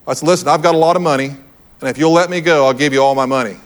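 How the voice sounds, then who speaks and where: A man's voice: fairly high pitch, quick pace. A man preaching to a room, telling a personal story in an earnest, storytelling way and repeating his key phrases. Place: church hall with audience.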